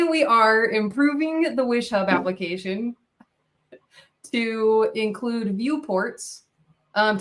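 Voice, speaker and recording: Young woman, guest developer, giggly, casual, mid-pitched voice, video call. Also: fairly bright tone. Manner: giggly, distracted, lots of "like" fillers. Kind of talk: casual chat.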